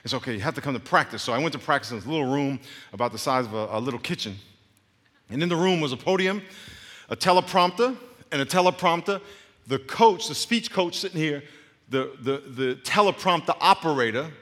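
Brief: a lively middle-aged male preacher who tells stories and swings between loud and soft, in a big reverberant hall. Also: fairly high pitch, a little fast. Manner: animated, swinging between loud bursts and quiet asides, laughing often. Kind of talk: sermon with anecdotes. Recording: long reverb of a large hall.

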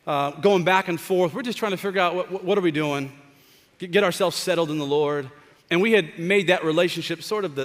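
A man in his thirties preaching a sermon as pastor, animated and conversational, joking with the congregation. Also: sits high. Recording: long hall reverb.

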